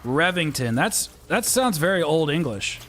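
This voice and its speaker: Streaming a video game, a man rambles casually and pokes fun at himself. This gaming streamer and YouTuber has a slightly high voice with big pitch swings at a moderate pace, and loud game music and sound effects play beneath him amid background noise.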